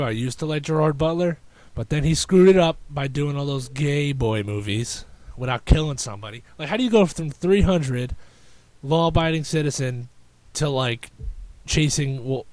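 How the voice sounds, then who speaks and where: A young man hosting a casual solo podcast, rambling and sarcastic with many halting restarts. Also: medium pitch, a little mellow, dry recording. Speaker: podcast host.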